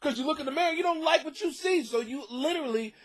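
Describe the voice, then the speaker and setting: A man's voice: very high-pitched, fast, a bit bright. A man hosting a comedy podcast, ranting profanely with sarcastic mock outrage while reading listener letters. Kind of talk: crude comedic advice rant. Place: home basement.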